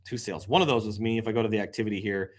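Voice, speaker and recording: Here a male host of an informal crypto program discusses the charts on his screen. Excitable and unpredictable, he swings between mumbling and sudden shouts, now and then yawning or letting out a drawn-out sigh.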